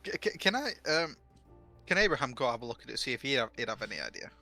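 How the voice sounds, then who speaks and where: Hesitant bright-voiced male player. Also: mid-range voice, sing-song, fast talker, faint music behind. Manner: hesitant, stumbling, many fillers. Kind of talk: describing his character in a tabletop game.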